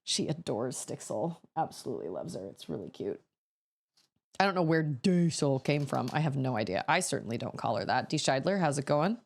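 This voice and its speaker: A woman's voice: rumbling low, big pitch swings, a little fast, gravelly, a little mellow. A woman in her thirties chatting casually as a streamer, laughing often and breaking into sudden exclamations. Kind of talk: casual chat while building.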